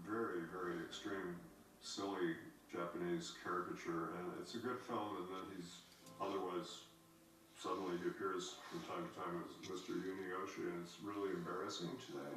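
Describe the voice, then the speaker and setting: A man giving a documentary interview in a measured, explanatory way. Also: low-pitched. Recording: echoey, distant, noisy.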